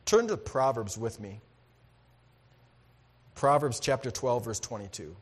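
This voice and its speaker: A man preaching a sermon in an earnest, conversational way, with sudden loud bursts of emphasis. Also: medium pitch, lively intonation, measured pace, breathy edge, in a large hall. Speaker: pastor.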